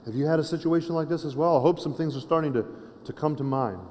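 A man's voice: fairly high pitch, fast, mellow, a little hiss or hum. Conversational preacher man, hall reverb. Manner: conversational preaching with frequent restarts and tag questions. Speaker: pastor. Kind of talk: sermon. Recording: long reverb of a large hall.

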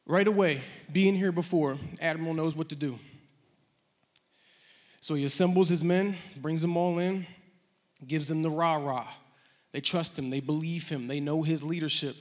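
A preacher spinning a story from the pulpit in a relaxed, joking way, somewhat high for a man. His voice carries a long church hall reverb. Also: moderate pace, pauses often. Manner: casual, joking, self-deprecating. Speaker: pastor. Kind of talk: sermon storytelling.

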